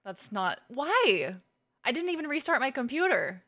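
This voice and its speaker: A woman's voice: sits high, very animated, normal speed, sharp tone. A woman streamer in casual live chat, playfully greeting viewers by name. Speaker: gaming streamer.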